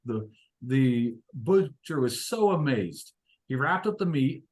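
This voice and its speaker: In an animated mid-range voice and at a measured pace, a male discussion leader shares inspirational stories. He sounds reflective and unsure, often leaning on fillers.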